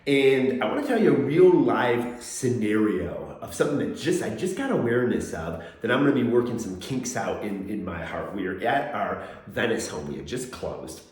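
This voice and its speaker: A man's voice: on the low side, normal speed, few pauses. A man hosting a casual motivational talk, telling a story and acting out the quotes in it. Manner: animated storytelling, acts out quotes. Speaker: motivational host. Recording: very echoey room.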